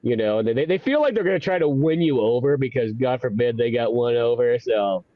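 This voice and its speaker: A man's voice: medium pitch, animated, brisk, dry recording, phone-quality sound. A man hosting a casual podcast chat, talking in a profane, laughing way and slipping into goofy voices. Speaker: podcast host.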